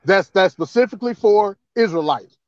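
A man's voice: sits high, animated, normal speed, dry recording, dull audio. A male panelist asking a guest to restate his point, hesitating with many fillers.

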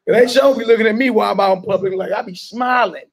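High-voiced man preaching emphatically. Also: fast, vocal fry, a crowd in the background. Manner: emphatic, urging the listeners directly. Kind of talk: street-style sermon with call and response.

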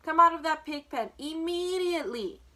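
Woman reading as a stern farm mom, storybook, sharp scolding, bright loud. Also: high-pitched, expressive, moderate pace, voice pushed up.

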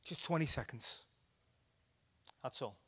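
A male evangelist preaching a sermon, telling stories with acted quotes and swinging between loud declarations and hushed moments. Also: medium pitch, expressive, slow pace, slightly rough. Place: church hall.

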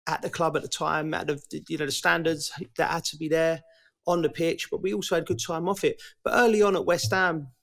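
A man's voice: a little high, fairly even intonation, a little fast, gravelly, a bit bright. Chatty man telling stories. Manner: chatty, laughing storyteller, drops "mate". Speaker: podcast co-host. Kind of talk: casual podcast chat.

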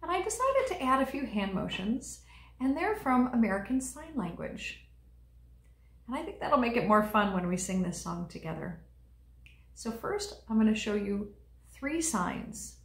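Woman leading a children's liturgy, bright-toned, gentle and encouraging, in an echoey room. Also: a little high, big pitch swings, unhurried, gravelly. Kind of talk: teaching young children.

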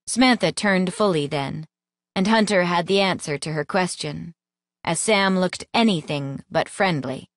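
A woman narrating an audiobook in a lively, expressive reading voice, close to the mic. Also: fairly low pitch, a little slow, no echo. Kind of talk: scripted narration.

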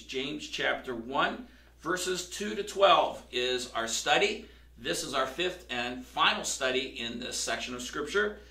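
Pastor, male, sharp, slightly high voice, conversational sermon, recorded from afar. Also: creaky, recorded from a distance. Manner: conversational preaching, building to emphatic questions. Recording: roomy, from across the room.

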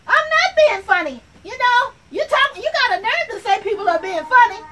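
Sassy high-voiced woman, far from mic. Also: animated, moderate pace, heavy background noise. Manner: sassy, repetitive, addresses the audience directly. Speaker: comedy sketch performer. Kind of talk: comic monologue in character as an office worker. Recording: voice from far off the mic, faint ambience.

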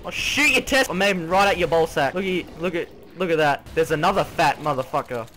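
A young man hosting his gaming channel, swearing, yelping and shouting through excitable gameplay commentary. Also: on the high side, fast talker, a little hiss or hum. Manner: swears a lot, yelps and shouts.

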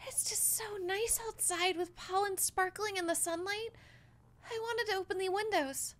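A woman voicing a sweet, gentle little girl in a game read-aloud, soft and chatty. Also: very high-pitched, normal speed.

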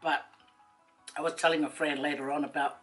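A woman, a vlogger telling a rambling personal story to camera, chatty and quick to laugh. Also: low-pitched, level tone, a bit bright, soft background music, low-quality recording.

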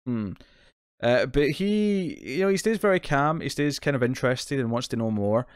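A man's voice: mid-range voice, animated, moderate pace, smooth, dry recording. British guy rambling through a tv episode recap, dry close mic, mid voice. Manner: rambling, restarts a lot, recaps the plot in detail. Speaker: podcast co-host. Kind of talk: casual TV recap discussion.

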